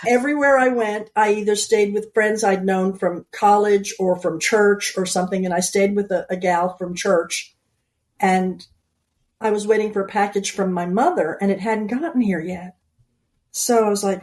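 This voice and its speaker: A woman's voice: medium pitch, darkish tone. Outgoing woman in her sixties telling stories. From New York. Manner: outgoing, storytelling with quoted asides. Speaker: guest author. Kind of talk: casual conversation.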